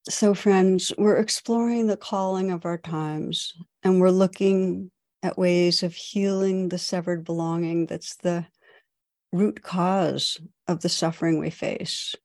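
A woman, a meditation teacher, giving a dharma talk in a gentle, unhurried storytelling manner. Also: lowish voice, steady tone, no room sound, studio quality.

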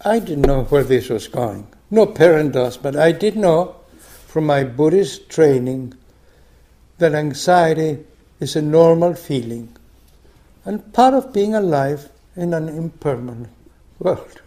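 An older man giving a meditation teacher's dharma talk. He reads a story aloud in a soft, unhurried way, and his phrase ends drop to a whisper. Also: on the high side, animated.

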